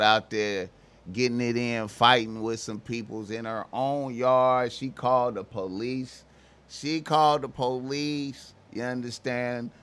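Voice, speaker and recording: Bright-voiced man ranting slowly. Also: mid-range voice, smooth. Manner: slangy, swearing, emphatic; mimics voices with loud shouts. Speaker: commentator. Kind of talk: casual monologue.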